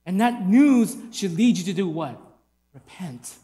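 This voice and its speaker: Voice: mid-range voice, lively intonation, a little slow, dark tone. A preacher delivering an emphatic sermon, asking the congregation rhetorical questions. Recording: long hall reverb.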